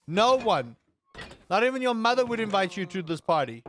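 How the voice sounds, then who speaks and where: A man commentating his own game in a casual let's-play. He is excitable, swears freely and rambles in asides. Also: high voice, a little slow, slight background noise. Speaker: gaming streamer.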